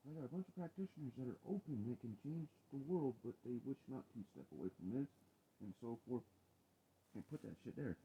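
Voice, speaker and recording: A man's voice: medium pitch, animated, brisk, mellow. A man ranting angrily and rambling, with heavy profanity, in a video blog. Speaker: video blogger. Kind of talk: angry ranting monologue. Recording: tinny phone-like audio with faint noise.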